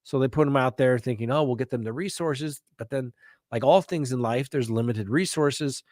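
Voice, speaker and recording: A man's voice: mid-range voice, moderate pace, a little mellow, dry recording, studio quality. A middle-aged man hosting a live viewer Q&A, talking emphatically and often checking in with "okay?" and "right?". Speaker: host answering viewer questions. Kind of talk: live Q&A chat.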